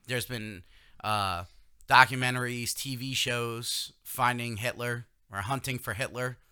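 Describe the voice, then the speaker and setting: A man's voice: medium pitch, fairly even intonation, unhurried, pushed and bright, clean tone, no room sound, clean studio sound. A man co-hosting a casual podcast, rambling about conspiracies and laughing often. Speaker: podcast co-host. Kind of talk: casual chat.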